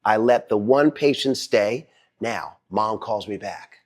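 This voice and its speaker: A man's voice: on the low side, takes it slowly, a little mellow. A middle-aged man, a dentist telling a dramatic family story with lots of quoted dialogue. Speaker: dentist and host. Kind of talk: animated storytelling.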